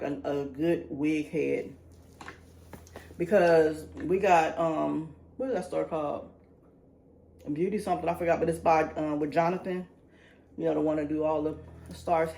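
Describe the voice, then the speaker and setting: A woman's voice: low-pitched, mellow. A woman, chatting nervously and laughing at herself while showing how she dyes a wig at a sink. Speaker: beauty vlogger. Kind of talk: casual talk-along tutorial. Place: indoor room at a sink. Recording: echoey room with faint ambient noise.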